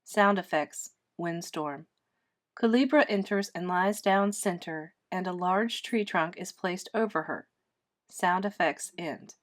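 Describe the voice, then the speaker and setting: A woman teacher reading a children's play aloud, clearly and steadily. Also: on the low side, slow.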